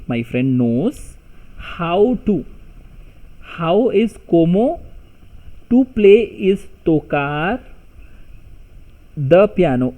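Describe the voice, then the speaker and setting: Slow mellow-voiced man teaching grammar. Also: on the high side, poor audio. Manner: patient, repeats example sentences in three languages. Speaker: language teacher. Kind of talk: slow explanatory tutorial.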